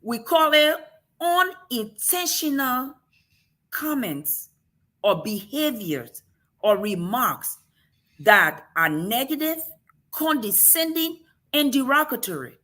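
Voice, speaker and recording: An African woman with a high, sharp-toned voice and an African accent hosts a casual talk-show discussion. She speaks slowly but with animation, driving home emphatic points through pointed rhetorical questions.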